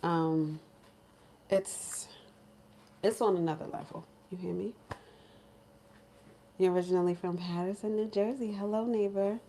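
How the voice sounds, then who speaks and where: A woman's voice: fairly low pitch, steady tone, a little slow, long pauses, warm tone. A woman from Brooklyn, chatting casually with viewers on a livestream and answering their comments in a slangy, direct way. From Brooklyn, New York. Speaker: vlogger reading live chat.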